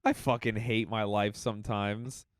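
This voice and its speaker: A man's voice: lowish voice, measured pace, no room sound, studio quality. A man in his thirties, a comedian co-hosting a podcast, telling crude stories casually and acting out the voices of the people in them. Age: 30s. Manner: animated, acts out quoted voices, laughs often.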